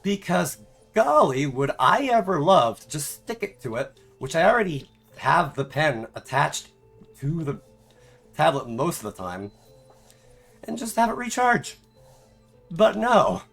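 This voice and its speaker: A man's voice: on the high side, big pitch swings, unhurried, creaky, fairly bright tone, faint music behind. A man streamer chatting casually, rambling off on tangents and filling his talk with "like" and "um.". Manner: rambling, filler-heavy, tangents. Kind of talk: casual chat.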